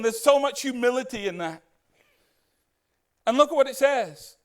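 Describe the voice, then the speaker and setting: A man preaching a sermon as pastor, animated and putting questions to the congregation. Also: extremely high pitch, moderate pace, long pauses.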